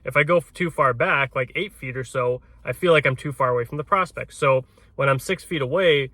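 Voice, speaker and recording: This realtor, a man, coaches door knocking casually, often closing points with "right?" and restarting what he says. His medium-pitched voice is fairly quick and sharp, recorded with no echo.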